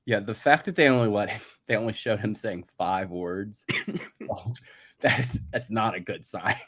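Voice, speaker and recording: A man co-hosting a movie podcast in casual chat, talkative and quick to laugh. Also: lowish voice, a bit bright, husky. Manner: chatty, laughs easily, many "like" fillers. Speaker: podcast co-host.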